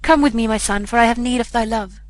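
A woman's voice: a little high, fast, natural voice, low-quality recording. A woman reading the part of a ragged, grieving beggar mother who pleads in a tearful way. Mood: pleading.

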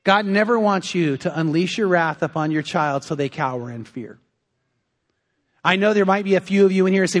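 A man's voice: high-pitched, expressive, normal speed. A male pastor preaching a sermon, telling a story animatedly and acting out the characters' lines. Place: church sanctuary. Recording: long reverb of a church hall.

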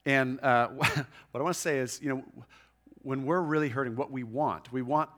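A man preaching a sermon in a church room, earnest and conversational, often restarting and checking in with "right?", slowing down and softening when he reads scripture. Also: mid-range voice, steady tone. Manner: reads scripture slowly and softly. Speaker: pastor.

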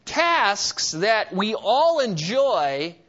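A pastor preaches a sermon in a somewhat high male voice. He tells his stories at an easy pace, pausing often on filler words. The recording sounds muffled and lo-fi. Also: big pitch swings, fairly bright tone. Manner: storytelling, with frequent filler pauses. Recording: dull lo-fi recording.

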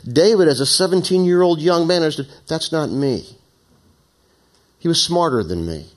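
A man preaching a sermon, reading scripture aloud with dramatic emphasis. He drops into relaxed, conversational asides to the congregation. His delivery is plain and direct. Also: fairly high pitch, quick pace. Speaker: pastor.

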